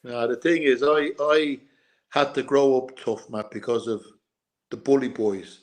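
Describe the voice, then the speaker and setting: A man's voice: medium pitch, steady tone, unhurried. Irish-english ex boxer guy chatting in an interview, earnest, keeps repeating himself. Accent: Irish with English mix. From Ireland. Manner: repetitive, earnest storytelling with restarts. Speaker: guest, former boxer and bodyguard. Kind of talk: casual interview chat.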